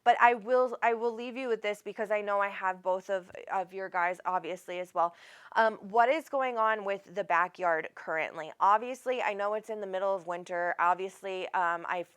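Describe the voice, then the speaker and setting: A woman's voice: mid-range voice, normal speed, fairly bright tone, clear, resonant tone. A woman hosting a live psychic reading, chatty and rambling, often calling people honey. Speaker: psychic medium host.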